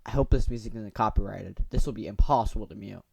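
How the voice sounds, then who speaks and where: Heavy background noise sits under this young gaming host's lowish, fast voice with its vocal fry. He reads a visual novel aloud for his channel, interrupting the story with goofy, chatty asides.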